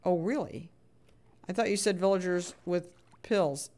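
A woman's voice: on the low side, measured pace, warm tone. A middle-aged woman talks her way through a live game stream in a loose, chatty voice. She plays up her annoyance, grumbles at the game and reads messages from chat aloud as she goes.

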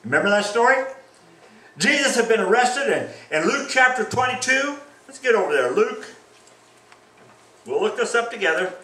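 A man preaches a sermon, voicing the quoted lines of scripture with real drama. His voice sits high and swings widely in pitch. He is caught from some distance in a room with a noticeable echo. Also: big pitch swings, normal speed, pauses often, sharp tone. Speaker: pastor.

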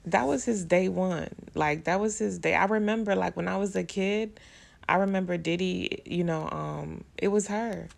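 Gravelly woman chatting casually. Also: lowish voice, normal speed. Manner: chatty, emotional reactions, slangy. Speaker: vlogger. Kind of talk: casual celebrity commentary.

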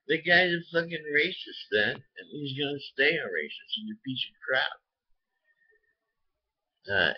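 A man's voice: mid-range voice, slightly rough, highs cut off. A man ranting to the camera from his home, heated and rambling, swearing often. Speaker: vlogger. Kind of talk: angry political rant to camera.

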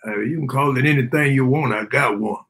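An older man giving his son a birthday blessing in a halting, church-style speech that quotes scripture. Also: mid-range voice, a bit bright. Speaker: father giving a birthday tribute.

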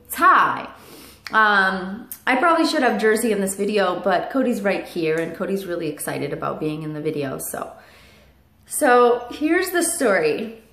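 A woman's voice: medium pitch, fairly bright tone, echoey room. A woman vlogger telling a casual story to camera at home, chatty, with fillers and asides to her parrot.

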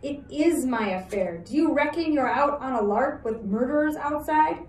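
A scrappy, quick-witted boy, brisk and urgent in a storybook read-aloud, as a woman teacher puts him on. The voice sits a touch high and rings in an echoey room, heard from a distance. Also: lively intonation, darkish tone.

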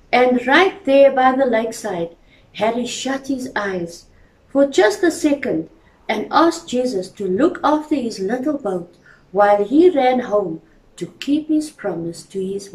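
Slow-reading woman storyteller in church. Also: on the high side, lively intonation, echoey room, distant mic, poor audio. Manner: gentle, addresses children directly. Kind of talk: reading a children's story aloud.

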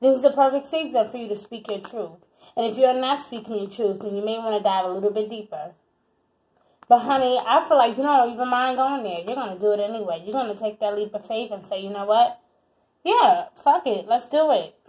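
A woman giving a casual tarot reading, animated and chatty, who swears freely and calls the listener honey and baby. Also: a little high, brisk, poor audio. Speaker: tarot reader.

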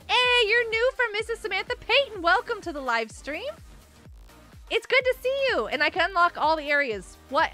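A woman's voice: extremely high pitch, pushed and bright. A woman streamer chatting casually while playing a game live, giggly and greeting her viewers.

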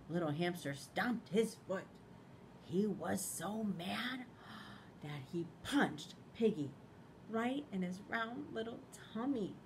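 A woman principal reading a picture book aloud to children in a school library, expressive, pausing to ask them questions. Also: medium pitch, slight background noise.

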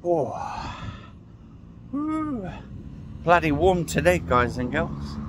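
A vlogger walks outdoors, rambling and ranting sarcastically, swearing and sighing as he goes, in a casual walking vlog. His slightly high voice swings hugely in pitch at a very slow pace, with background noise present.

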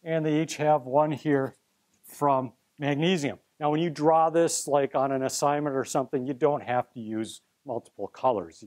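A man's voice: medium pitch, moderate pace, darkish tone. A middle-aged man teaching chemistry to a live class, playful and theatrical, coaxing students up to help him at the board. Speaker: chemistry professor.

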